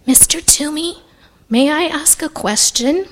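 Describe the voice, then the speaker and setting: A woman's voice: very animated, a little slow. Woman doing an eager little boy. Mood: earnest. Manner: high, pleading, earnest. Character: seven-year-old boy, eager and polite.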